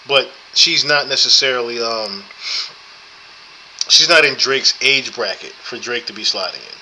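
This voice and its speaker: A man's voice: mid-range voice, a little slow, sharp tone, a little hiss or hum, low-quality recording. A man hosting a podcast, chatting casually and rambling with many fillers as he thinks aloud. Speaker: podcast host. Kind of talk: casual commentary chat.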